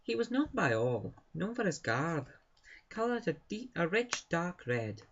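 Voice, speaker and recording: A man voicing a Scottish woman schoolteacher, reading a creepy tale slowly and ominously in a put-on Scottish accent. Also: high-pitched, sing-song, dull audio, noisy background, pitched above the performer's own voice, full character voice. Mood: eerie storytelling.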